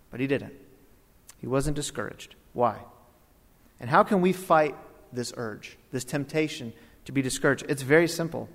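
A man preaching a sermon as pastor, animated and swinging between loud bursts and hushed asides. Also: mid-range voice, moderate pace, long pauses. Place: church auditorium. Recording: long reverb of a church hall.

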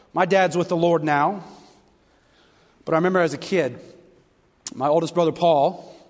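A man preaching a sermon to a congregation, telling stories with animated, fervent delivery. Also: a little high. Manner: animated storytelling, rising to loud fervent passages. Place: church sanctuary. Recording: long hall reverb.

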